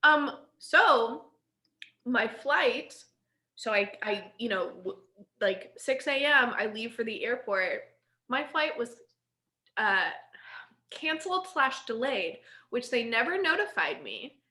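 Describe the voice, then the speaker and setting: Woman, 30s, slightly high bright voice, rambling storyteller, echoey room. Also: slow pace. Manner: rambling, animated, laughs often. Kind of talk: casual storytelling chat.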